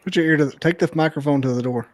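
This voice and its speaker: A man's voice: a little high, very fast, noisy background. A man co-hosting a podcast in casual banter with dry wisecracks. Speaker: podcast co-host.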